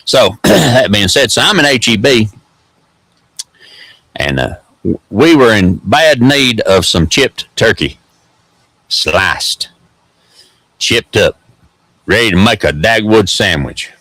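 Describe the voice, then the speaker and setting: East tennessee guy rambling a story, folksy drawl, low voice, dry close sound. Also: expressive, takes it slowly, pauses often, bright, forceful tone, dry recording, poor audio. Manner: folksy, drawling, repeats words and laughs often. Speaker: host.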